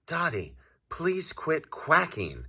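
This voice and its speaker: A man voicing a shy, soft-spoken little male quail in a children's storybook. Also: fairly high pitch, wildly swooping pitch, takes it slowly, breathy edge, pitched above the performer's own voice, exaggerated voice. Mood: hushed. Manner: soft and whispery.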